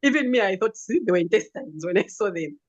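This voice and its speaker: A woman telling her own story as a vivid, animated testimonial. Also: mid-range voice, fast talker, dull audio. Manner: vivid storytelling with acted quotes and laughs. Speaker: customer giving a testimonial.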